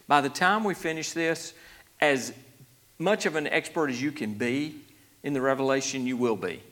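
A man's voice: fairly high pitch, fairly bright tone. A man preaching a conversational Bible study sermon, folksy, with many restarts, growing emphatic. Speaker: pastor.

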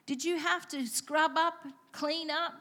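A woman's voice: high voice, fairly even intonation, takes it slowly, bright, forceful tone. A woman preaching a sermon in church, telling stories with playful self-deprecating asides. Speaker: pastor.

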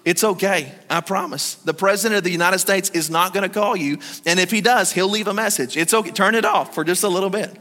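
A man's voice: sits high, a little fast, hardly any pauses, pushed and bright, big-room sound. A man in his thirties preaching a sermon as pastor, conversational and joking, acting out short quotes.

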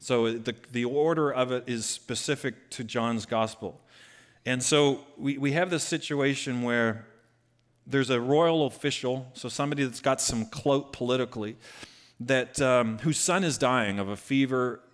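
A man preaching a conversational sermon, retelling a scripture story with lively bursts. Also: medium pitch, a little slow. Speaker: pastor.

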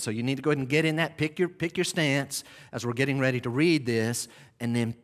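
Animated man preaching a sermon. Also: medium pitch. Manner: animated, acts out the scene with sudden loud quoted cries; repeats and restarts phrases, drawing out key words. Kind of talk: expository sermon.

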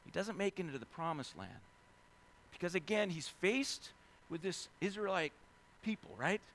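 Guy preaching a sermon, high bright voice, super animated, plays out the stories. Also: normal speed, slight background noise. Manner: animated, acts out biblical figures in casual voices. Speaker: pastor.

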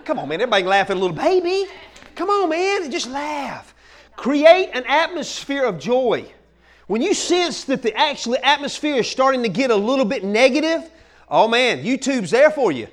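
A man preaching an energetic sermon, full of folksy asides and sudden shouted bursts. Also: very high voice, moderate pace. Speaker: pastor.

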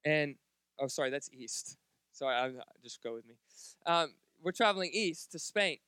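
A man's voice: a little high, lively intonation, moderate pace, bright, forceful tone, smooth, no echo, clean studio sound. A man preaching a sermon at a church service, joking and chatting directly with the congregation. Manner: jokey, chatty, talks straight to the congregation. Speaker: pastor.

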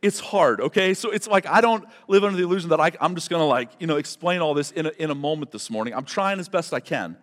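A man preaches an expository, verse-by-verse sermon as pastor, his voice on the high side, animated and fast with hardly any pauses. He's conversational and emphatic, repeating words for stress, and the sound carries a big-room quality.

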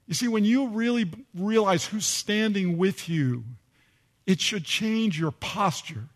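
A man's voice: high voice, animated, measured pace. An older man preaching a sermon, telling a personal story and repeating phrases for emphasis. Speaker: pastor.

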